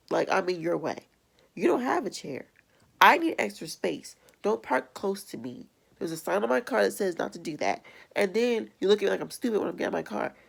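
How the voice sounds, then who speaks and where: A woman's voice: mid-range voice, vocal fry. A young adult woman vlogger ranting bluntly and with exasperation in a casual video. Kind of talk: casual vlog rant.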